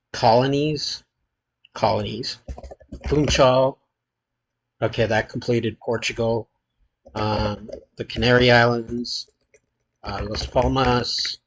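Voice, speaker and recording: Guy mumbling thru a map quiz, super slow and halting, lots of ums, mid-pitched. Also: highs cut off. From United States. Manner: hesitant, halting, frequent filler pauses. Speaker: channel host playing a geography quiz. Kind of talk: thinking-aloud quiz commentary.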